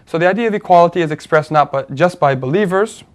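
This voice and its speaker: In a laid-back talk show conversation, the co-host, a man whose speaking voice sits fairly high, reasons through his point one step at a time. He's thoughtful, leaning on plenty of fillers and restarting sentences while thinking aloud.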